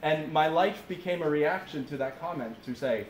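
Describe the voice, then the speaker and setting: A man in his thirties preaching a sermon at a camp, telling stories in an animated way and often restarting his sentences. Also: fairly high pitch, moderate pace. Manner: animated storytelling with frequent restarts. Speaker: pastor. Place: camp meeting room. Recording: roomy echo with faint hiss.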